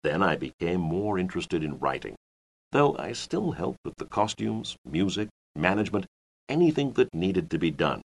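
A man voicing an older male Elizabethan playwright who recalls his days in the theater, in a measured, reflective way for a scripted listening exercise. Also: low voice, big pitch swings, gravelly, husky, exaggerated voice. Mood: reminiscing. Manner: measured, reflective first-person reminiscing.

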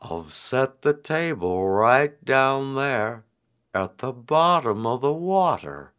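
A man voicing a slow, patient male turtle in a storybook tale, drawing out his words. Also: medium pitch, sing-song, a bit bright, clean tone. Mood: sly. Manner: slow and drawn-out.

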